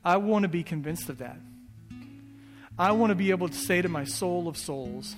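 A man preaching a sermon as pastor, earnest and repetitive, easing into soft prayer. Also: high voice, fast, long pauses. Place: church hall. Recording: echoey church hall. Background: soft guitar.

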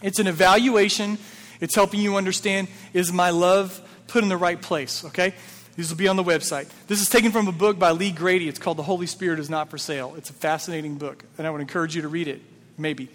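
A man's voice: high-pitched, fairly even intonation, fast talker. A male pastor giving a sermon, talking to the congregation in a conversational way and asking them many rhetorical questions. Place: church sanctuary. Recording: reverberant hall.

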